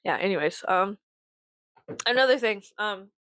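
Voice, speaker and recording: A woman in her thirties rants to camera in a casual vlog, animated, sarcastic, and heavy with profanity. Her voice is mid-range at a moderate pace, with no room sound in the recording.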